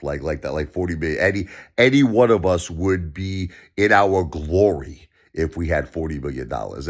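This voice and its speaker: A man delivering a ranting vlog commentary, impassioned and emphatic, repeating himself and swinging up into shouts. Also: low voice. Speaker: vlogger.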